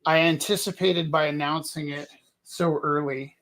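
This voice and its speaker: A man's voice: a little high, fairly even intonation, normal speed, fairly bright tone. A man running a casual live art auction, chatty and earnest, wandering from bids into asides about the gallery.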